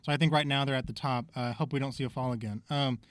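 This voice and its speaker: A man's voice: mid-range voice, steady tone, fast, no room sound. A man co-hosting a podcast, talking in a rambling, thoughtful way with lots of fillers. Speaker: podcast co-host. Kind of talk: casual podcast discussion.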